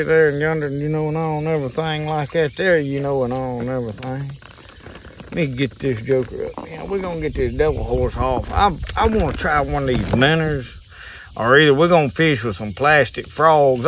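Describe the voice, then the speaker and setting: A man's voice: on the high side, normal speed, a bit bright, a little hiss or hum. Folksy Southern man fishing outdoors. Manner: folksy, rambling, chuckling. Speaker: fishing vlogger. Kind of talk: casual outdoor talk to camera. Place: kayak on a pond outdoors. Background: insects and crickets.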